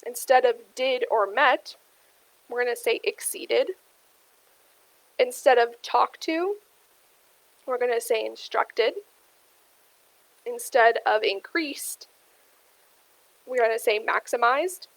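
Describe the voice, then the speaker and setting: A young adult woman presents a lesson in a steady, explaining way, often pausing on ums. Her voice sits a little high for a woman. The recording is dry and close, with no room sound. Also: dry recording, poor audio. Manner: steady explainer with frequent ums, addresses "you guys". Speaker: career workshop presenter. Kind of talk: instructional presentation.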